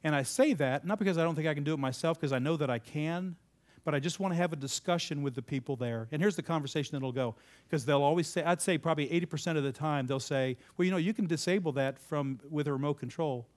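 A man's voice: fairly high pitch, fast talker. Emphatic man preaching to a live audience. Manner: conversational, asks the audience questions and repeats their answers. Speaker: speaker addressing a live audience. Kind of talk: interactive sermon-style talk.

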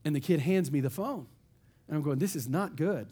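A man from East Texas, a pastor telling a story in a sermon in an animated, folksy way. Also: fairly high pitch, a little fast, breathy edge.

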